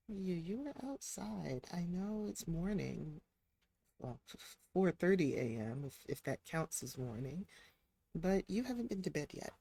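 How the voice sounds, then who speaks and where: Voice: mid-range voice, vocal fry, warm tone. A game streamer chatting casually through a live stream, talking to the characters on screen as they play. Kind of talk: casual live-stream commentary while playing.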